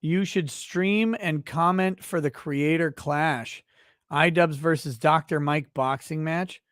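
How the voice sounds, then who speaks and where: A man's voice: fairly high pitch, takes it slowly, a bit bright, no room sound, studio quality. A man hosting a livestream who rants in a blunt, profane, riffing way. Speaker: livestream show host. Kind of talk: casual livestream rant.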